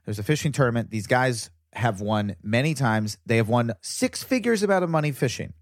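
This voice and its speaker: A man telling a story as a comedian guest on a casual podcast, animated and rambling, repeating words. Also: mid-range voice, brisk, no echo, clean studio sound.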